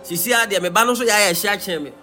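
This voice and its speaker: A man preaching a sermon as pastor, breaking into shouts and sung phrases. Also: high-pitched, racing, faint music behind.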